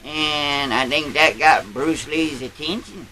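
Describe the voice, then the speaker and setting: A man's voice: on the high side, slow pace, pushed and bright, a little hiss or hum, rough recording. A man playing a boastful old country grandpa, telling a rambling tall tale in a folksy drawl. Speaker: storyteller. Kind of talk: character storytelling.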